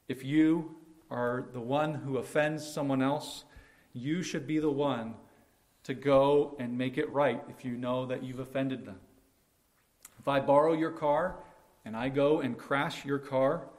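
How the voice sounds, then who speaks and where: A man preaching a sermon with emphasis, slowing and dropping to a hush on key words and acting out quotes. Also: medium pitch. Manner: acts out quoted speech with quick, raised lines. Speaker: pastor.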